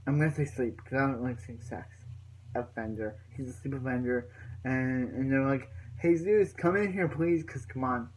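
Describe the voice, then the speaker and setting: A young man talking through a TV episode recap, rambling and restarting his sentences over and over. His voice sits at an ordinary middle pitch, with a faint background hum behind him. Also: flat delivery, moderate pace, rough recording. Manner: rambling, many fillers and restarts. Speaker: reviewer.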